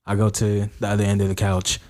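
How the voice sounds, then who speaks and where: A man's voice: fairly low pitch, quick pace. A man co-hosting a podcast, telling a story in casual chat and acting out the quoted lines. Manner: animated storyteller who acts out quoted lines. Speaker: podcast co-host.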